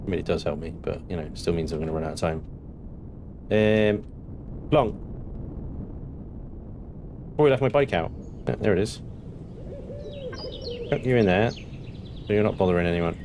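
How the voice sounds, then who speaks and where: A man with a West Country English accent giving relaxed, muttering gameplay commentary, thinking aloud as he plays. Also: sits low, moderate pace, pauses often, noisy background. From West Country of England. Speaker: gaming youtuber.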